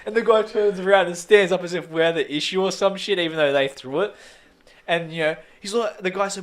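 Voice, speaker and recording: A man's voice: high-pitched, fairly quick. Rambling young man telling stories. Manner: rambling storyteller, swears freely. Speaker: podcast co-host. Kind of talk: casual chat.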